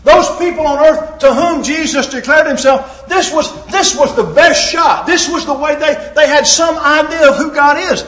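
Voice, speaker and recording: A man preaching a sermon with emphatic delivery and sudden swings in pitch and loudness. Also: normal speed, hardly any pauses, roomy sound.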